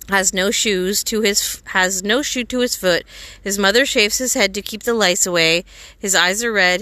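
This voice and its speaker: Bright, crisp woman reading a story aloud. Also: mid-range voice, no room sound. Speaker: reader.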